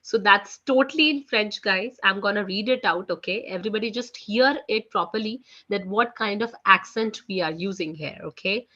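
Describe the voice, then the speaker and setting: This woman leads a live French class online at a normal speed with hardly any pauses, her medium-pitched voice bright and forward. She talks loosely, peppering in "you know" and "guys," while the audio sounds dull and lo-fi.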